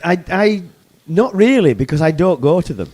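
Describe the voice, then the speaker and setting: A man's voice: high voice, sing-song, normal speed, darkish tone. A man on a podcast giving blunt opinions in casual chat, swearing and stammering on restarts. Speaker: podcast co-host.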